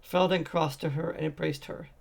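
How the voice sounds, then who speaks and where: Gravelly-voiced man reading a fantasy story. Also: fairly high pitch, normal speed. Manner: steady reading with occasional slips and restarts. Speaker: audiobook narrator. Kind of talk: fan audiobook narration.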